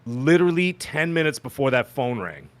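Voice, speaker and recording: A man at a middling pitch hosts a casual podcast, telling a story in a loose, chatty way. He gets animated as he talks, and his voice jumps up sharply whenever he imitates the people in his story. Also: normal speed. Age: adult with children. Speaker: podcast host.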